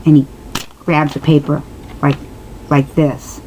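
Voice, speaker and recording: A woman with a fairly low voice tells her own story to the camera. She rambles, restarts her sentences and turns to her viewers with asides. She sounds earnest and emotional, over a faint steady hiss. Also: takes it slowly, poor audio. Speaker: vlogger answering viewers.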